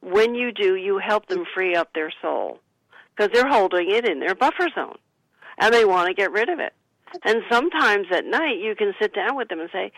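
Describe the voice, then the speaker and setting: A woman author and psychic, a guest on a radio talk show, calmly giving advice and suggesting what to say. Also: mid-range voice, moderate pace, no room sound, poor audio. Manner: calm, counseling, gives sample phrases to say.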